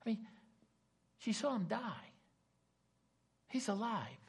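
A man preaching a sermon, retelling a scripture story dramatically and shifting between loud emphasis and hushed asides. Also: sits high, big pitch swings, slow, creaky, slightly rough. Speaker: pastor.

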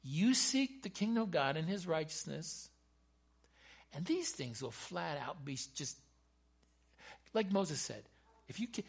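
A man's voice: on the high side, very animated, a little slow, gravelly, long pauses, breathy edge. A man preaching a sermon with fervent emphasis, breaking into chatty asides to his congregation.

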